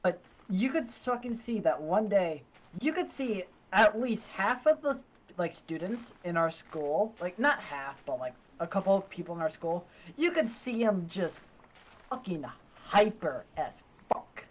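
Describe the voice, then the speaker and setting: A woman's voice: mid-range voice, lively intonation, measured pace, slight background noise, low-quality recording. A woman chatting casually, stammering and swearing often. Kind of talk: casual chat.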